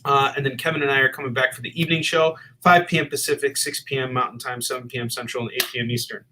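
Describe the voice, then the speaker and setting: A Midwestern man hosts a live comic shop show on stream, chatting casually with a guest and plugging books, upbeat and full of fillers. His mid-range voice is level, fast, bright and forceful, on a low-quality recording with a bit of hiss or hum.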